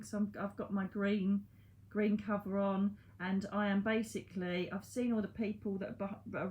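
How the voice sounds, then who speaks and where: This psychic medium, a woman with a mid-range, darkish voice, does a casual card reading to camera with a little hiss or hum in the audio. Her delivery is chatty and comforting, and she pokes fun at herself.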